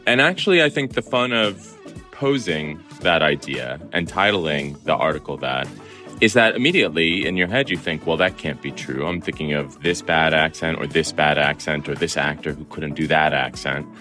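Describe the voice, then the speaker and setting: A man answers interview questions in a very low voice with a bright, forward edge. His delivery is wry and chatty, and faint music sits beneath him. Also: moderate pace. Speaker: journalist guest. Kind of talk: interview over a remote line.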